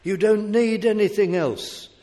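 Smug, lazy rich man, higher and louder than the preacher's own voice, put on by a male preacher. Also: measured pace. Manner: self-satisfied, lazily indulgent. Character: smug rich man content with his wealth. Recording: echoey hall reverb.

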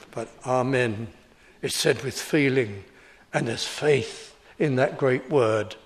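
A man in his seventies preaching a sermon in a slow, deliberate, emphatic way. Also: mid-range voice.

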